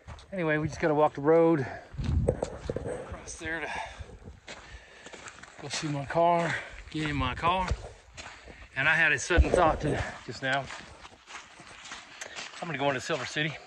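A man's voice: a little high, steady tone, measured pace, long pauses, background noise. A man narrating a casual hiking vlog outdoors on a mountain trail, rambling and chatty, talking into a handheld camera. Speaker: hiking vlogger.

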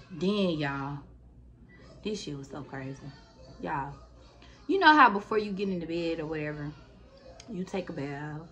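A woman vlogger telling a story casually and bluntly, with plenty of swearing, and talking straight to her viewers. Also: lowish voice. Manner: blunt, profane, talks straight to her audience.

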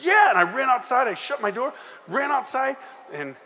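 Animated male speaker in a big hall. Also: extremely high pitch, moderate pace, creaky. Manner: animated, acts out voices and sound effects. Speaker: youth conference speaker. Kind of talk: comic storytelling talk. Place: large conference hall. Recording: live hall with long reverb, faint room noise.

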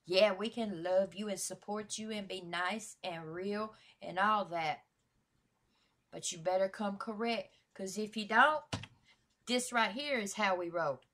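A woman hosting a reaction vlog, talking in casual slang, full of shout-outs and swearing, hyped up for the track. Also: mid-range voice, a little slow. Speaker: YouTube reaction host.

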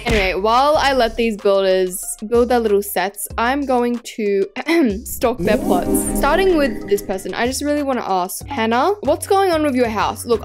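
A young woman hosting a building contest in a video game, chatty, teasing and rambling as she tours the players' builds. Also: mid-range voice. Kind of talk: playful game commentary.

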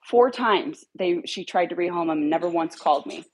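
A woman with a low, husky voice tells a story straight to her followers. She is blunt and heated and swears freely. She runs a dog rescue and trains dogs. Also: normal speed.

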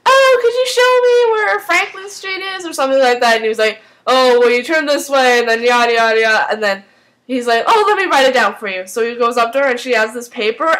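A woman casually recapping a TV episode, rambling and excitable, filling her talk with "like". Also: fairly high pitch, rough recording. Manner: rambling and excitable, heavy use of "like".

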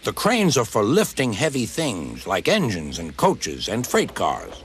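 A man reading as a calm engine driver. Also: on the low side, measured pace, a little hiss or hum. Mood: explaining.

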